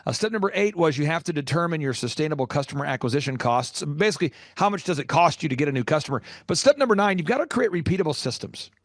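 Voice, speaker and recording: A man's voice: a little high, quick pace, hardly any pauses, no room sound, clean studio sound. A man hosting a business podcast who interviews a guest and talks with energy and emphasis, acting out the people in his stories. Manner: energetic, emphatic, acts out quoted voices. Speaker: podcast host and business coach.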